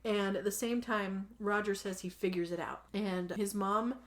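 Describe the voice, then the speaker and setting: A woman hosts a relaxed podcast and retells a film scene by scene. Her talk is loose and chatty, full of "like" and casual swearing. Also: mid-range voice, moderate pace. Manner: animated storytelling, swears freely, says 'like' often. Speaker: podcast host. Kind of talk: casual movie recap chat.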